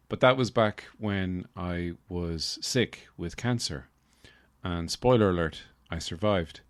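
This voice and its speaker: A man hosting a casual solo podcast, rambling with deadpan humor and lots of fillers into a close mic. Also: low voice, slow, no room sound. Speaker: podcast host.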